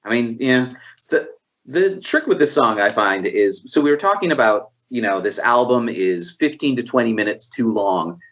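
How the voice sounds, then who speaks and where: Man, co-host, analytical, casual chat, lively pitch, mid-range voice. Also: moderate pace, highs cut off. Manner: analytical, lays out how he would fix the song. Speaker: podcast co-host reviewing an album.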